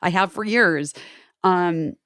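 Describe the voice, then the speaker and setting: A woman's voice: lowish voice, slow pace, fairly bright tone, dry recording, clean studio sound. A woman in her forties co-hosting a podcast, chatting casually and animatedly with frequent swearing and quoted voices. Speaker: podcast co-host. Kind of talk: casual chat.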